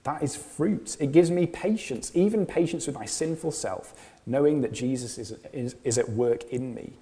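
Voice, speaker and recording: A man's voice: mid-range voice, normal speed, mellow, in a large hall. A man preaching a sermon, earnest, often repeating phrases and asking rhetorical questions.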